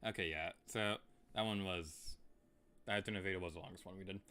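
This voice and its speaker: A man's voice: low-pitched, steady tone, a little fast, bright, forceful tone, smooth. A young man chatting casually and playfully while streaming a video game, humming and singing along now and then. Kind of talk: casual gameplay commentary.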